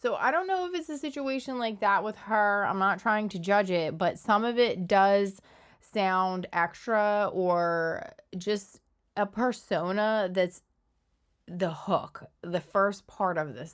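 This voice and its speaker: A woman with a Philadelphia accent hosts a commentary channel, offering casual, opinionated takes in a conversational yet analytical way. Her voice is medium in pitch, and she takes her time.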